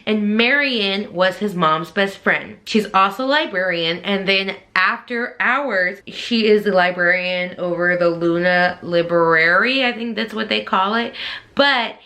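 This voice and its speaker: A woman book vlogger giving a casual, opinionated review, chatty and expressive with sudden jumps upward in pitch. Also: measured pace.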